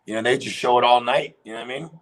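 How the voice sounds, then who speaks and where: A man from Washington, D.C., chatting casually and retelling comedy bits in lively put-on voices. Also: medium pitch, rapid-fire, low-quality recording. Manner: animated storyteller, acts out comedians' bits. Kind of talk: casual chat.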